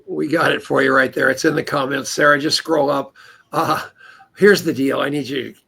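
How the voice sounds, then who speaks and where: Male live-show host, raspy and bright, playful storyteller. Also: medium pitch, normal speed. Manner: animated, teasing storyteller. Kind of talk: casual live-stream chat.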